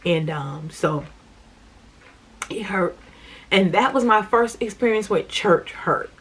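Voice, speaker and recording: A woman's voice: mid-range voice, expressive, slow, husky. A middle-aged woman telling her viewers a personal church testimony in an earnest way, repeating her key lines. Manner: earnest and repetitive, speaking straight to viewers. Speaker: vlogger sharing her faith journey.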